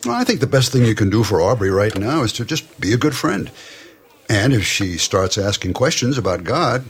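Gravelly, kindly old shopkeeper. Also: male voice, fairly low pitch, moderate pace. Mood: calm. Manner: calm, fatherly advice. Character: kindly older male shop owner, wise and steady. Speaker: shop owner and mentor. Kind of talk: radio drama acting.

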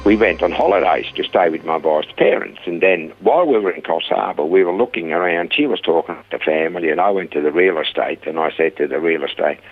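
A man's voice: low voice, brisk, few pauses, highs cut off. An older man with a Swiss accent, telling his life story in an interview and acting out the dialogue. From Switzerland.

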